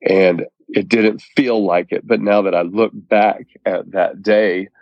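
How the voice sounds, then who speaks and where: Earnest low-voiced man. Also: fairly even intonation, slow, no room sound, lo-fi sound. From Oklahoma. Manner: earnest, heartfelt storytelling. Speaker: guest. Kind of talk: personal testimony in an interview.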